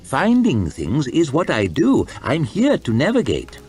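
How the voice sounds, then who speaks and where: A man's voice: a little high, huge pitch swings, a little slow, darkish tone, soft background music, pitched above the performer's own voice. A man voicing a fussy, self-satisfied male navigator who speaks primly. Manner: prim, murmuring.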